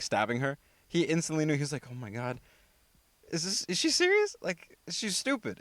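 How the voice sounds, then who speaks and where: Casual male podcast host, chatty and rambling, mid pitch, dry close recording. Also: no echo. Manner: chatty, rambling, many fillers and self-corrections; mimics characters with animated pitch jumps. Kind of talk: casual movie review monologue.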